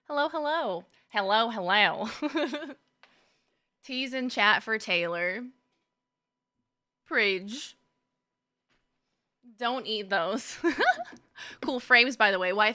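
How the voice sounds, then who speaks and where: Streaming a game, a young woman chats casually with her viewers, calling out their names and laughing often. Her voice sits on the high side with a sharp tone, captured in studio quality with no room sound.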